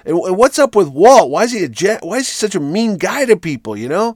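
A man's voice: sits high, big pitch swings, fairly quick, no echo, studio quality. A man in casual chat, talking animatedly with lots of restarts and repeated words.

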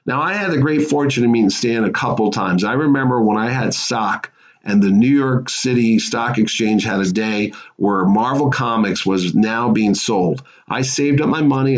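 A middle-aged man who works as a comics artist tells a personal story in an animated, excitable way, jumping his pitch up for emphasis. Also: moderate pace. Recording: slightly dull recording.

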